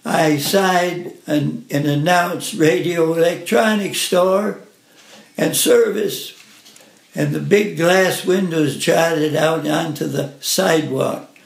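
A man gently reading a first-person family story aloud in an unhurried way. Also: on the high side, vocal fry. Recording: roomy echo.

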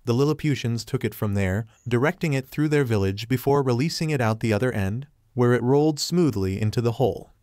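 A man narrating a fanfiction story in an even storybook reading manner. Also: mid-range voice, fairly quick, hardly any pauses, dry recording, studio quality.

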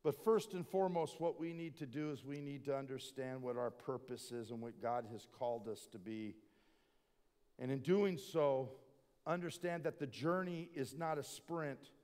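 A middle-aged man preaching as a lead pastor, telling stories with big swings from hushed to loud. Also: medium pitch, moderate pace. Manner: animated storytelling, swinging from quiet to loud. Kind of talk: sermon. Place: conference hall. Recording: long reverb of a large hall.

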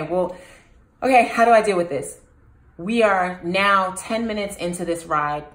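A woman's voice: on the low side, roomy sound. A woman hosting her own channel, telling a personal story to the camera and turning to ask the viewers questions. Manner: animated, addresses viewers with questions. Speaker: host.

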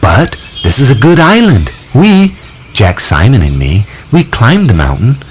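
A man's voice: medium pitch, wildly swooping pitch, unhurried, slight background noise, pitched above the performer's own voice. A man voicing a confident boy leader who cheerfully reassures the others in a storybook reading. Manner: upbeat, coaxing, patiently explaining.

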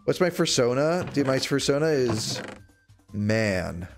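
Young man streamer with a lively, bouncing voice. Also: takes it slowly, faint music behind. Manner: rambling, jumps into mock-outraged high shouts. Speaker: livestreamer. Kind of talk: casual gaming livestream chat. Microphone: desk microphone.

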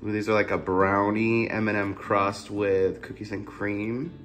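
A man presenting a casual family vlog from his home garage, energetic and promotional in tone. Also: on the low side, a little slow. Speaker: family vlogger. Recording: background music under voice.

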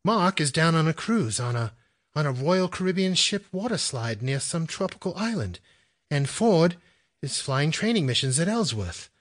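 A man voicing a brisk British woman intelligence analyst, with a put-on British accent and bursts of British slang. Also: a little high, big pitch swings, pitched above the performer's own voice.

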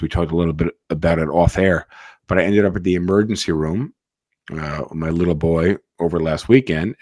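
A man with a very low voice hosts a casual podcast, talking in long rambling stretches full of swearing and restarted words. The sound is dry and close to the mic. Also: no echo. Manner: rambling, profane, repeats words when starting. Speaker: podcast host. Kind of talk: casual chat.

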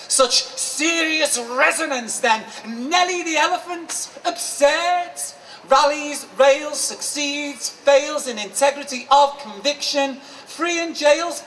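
Slow, dramatic Liverpool-accented poet. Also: male voice, extremely high pitch, pushed and bright. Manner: rhythmic, emphatic, dramatic delivery. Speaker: performance poet. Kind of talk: live poetry performance. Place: book market. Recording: distant mic, faint background noise.

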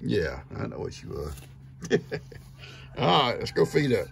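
An older man, a grandfather teasing his grandchild in a folksy, unhurried way while outdoors on a farm. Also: on the low side, wildly swooping pitch, gravelly, slightly rough. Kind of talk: casual chat with a grandchild. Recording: noisy outdoor recording with vehicle sounds.

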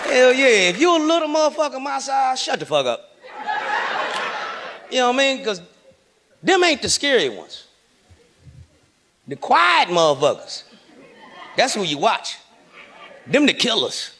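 Profane high-voiced stand-up comic. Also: male voice, unhurried, long pauses, background noise. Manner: profane, loud, animated, acts out characters. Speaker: stand-up comedian. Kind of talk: stand-up comedy.

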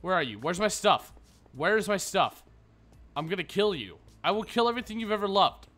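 Man trash-talking his game in high pitch. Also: animated, moderate pace, a bit bright. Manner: profane trash talk at game enemies. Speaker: gaming video host. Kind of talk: casual let's play commentary.

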